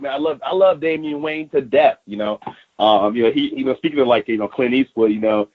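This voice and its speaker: A man's voice: medium pitch, fairly quick, breathy edge. A male pro wrestler called into a podcast, his voice thin and squeezed by a phone line. He talks in a loose, rambling way and keeps dropping fillers as he tells stories. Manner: loose, rambling, many fillers like "you know, man". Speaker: pro wrestler, interview guest. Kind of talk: casual phone interview.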